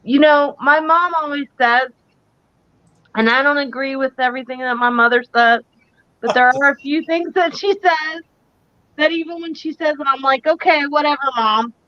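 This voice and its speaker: Earnest, emphatic high-voiced woman. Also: fairly even intonation, moderate pace, lo-fi sound. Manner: earnest, emphatic, repeats key phrases. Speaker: psychic co-host. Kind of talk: live-stream talk show chat.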